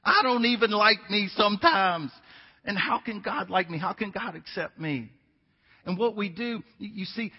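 A man's voice: high voice, breathy edge, in a large hall, highs cut off. A man in his fifties preaching a sermon, telling stories in a conversational way and repeating his key points for emphasis. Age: 50s. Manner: conversational storytelling with emphatic repetition. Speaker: pastor.

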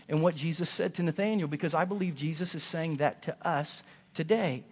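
A man preaching a Sunday sermon in a church sanctuary, his voice sitting a bit higher than most men's. He hammers points home through repeated, rising phrases, and each line rings out with a long reverb off the hall. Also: brisk, slightly rough. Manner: emphatic, building repetition. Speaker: pastor.

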